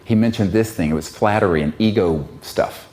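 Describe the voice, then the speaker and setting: A man's voice: on the low side, normal speed, warm tone. A man giving an impassioned public talk, fiery and emphatic. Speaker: public speaker.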